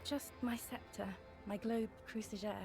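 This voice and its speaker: A serene regal ex-lover. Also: female voice, a little high, steady tone, unhurried, a little mellow. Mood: stately. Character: serene regal woman, calm and distant ex-lover. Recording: game audio with music underneath.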